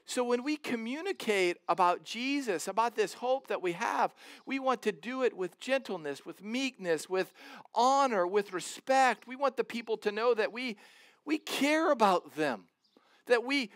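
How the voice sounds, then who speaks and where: Earnest high-voiced preacher man. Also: fairly bright tone, no echo, studio quality. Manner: earnest, emphatic, repeats words and restarts. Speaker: pastor. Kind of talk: sermon.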